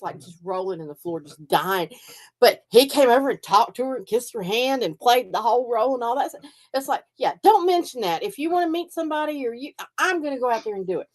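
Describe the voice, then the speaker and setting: An older woman, a psychic reader and host, telling stories in casual chat and acting out the voices of people she quotes. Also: high-pitched. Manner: animated storyteller, acts out quoted voices.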